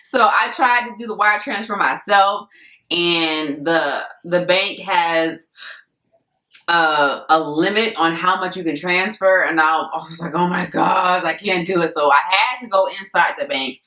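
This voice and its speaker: A young adult woman telling a story to camera in a casual vlog, animated and laughing often as she acts out what people said. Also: fairly low pitch, a little slow. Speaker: vlogger. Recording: echoey room, mic at a distance.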